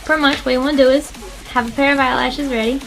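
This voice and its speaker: A woman's voice: high voice, fairly even intonation, fast, gravelly, very noisy. A young woman doing a casual makeup tutorial at home, talking to the viewer in a playful, joking way. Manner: playful, jokey, talks straight to the viewer. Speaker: makeup vlogger.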